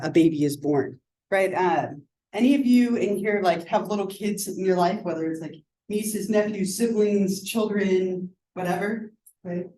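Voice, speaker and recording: A woman teaching a psychology class in a classroom, chatty and animated, her voice sore and strained. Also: mid-range voice, slight background noise, poor audio. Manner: chatty, animated, peppers talk with "like" and "right?". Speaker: psychology instructor. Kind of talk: classroom lecture. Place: college classroom.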